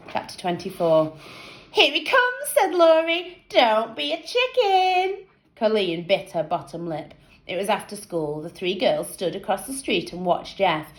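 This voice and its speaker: A woman teacher reading a children's book aloud with lively storytelling. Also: fairly low pitch, echoey room, slight background noise, rough recording.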